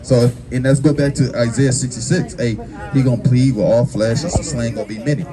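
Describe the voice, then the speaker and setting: A man preaching on the street, forceful and confrontational, with many fillers and repeated words. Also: mid-range voice, steady tone, brisk. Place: outdoors on a busy street. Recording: busy street crowd noise.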